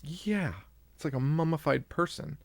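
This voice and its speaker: A man's voice: on the high side, normal speed, gravelly, no echo, clean studio sound. A man co-hosting a horror podcast, recapping a movie in casual chat, joking, laughing often and acting out lines. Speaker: podcast co-host.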